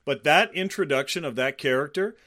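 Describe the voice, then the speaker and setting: A man co-hosting a casual film podcast, excitable and profane, often laughing. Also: on the high side, fairly quick, no echo, studio quality. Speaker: podcast co-host.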